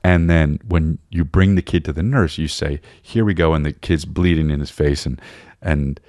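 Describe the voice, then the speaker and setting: A man's voice: extremely low pitch, steady tone, moderate pace, darkish tone, no echo, clean studio sound. A comedian hosting a podcast, telling a rambling story in casual monologue, acting out quotes and often restarting his sentences. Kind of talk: animated comic storytelling.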